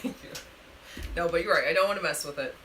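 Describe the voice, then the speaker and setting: A woman's voice: lowish voice, quick pace, background noise. A woman co-hosting a live stream, chatting casually and giggling about the game. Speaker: stream co-host. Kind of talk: casual reaction chat.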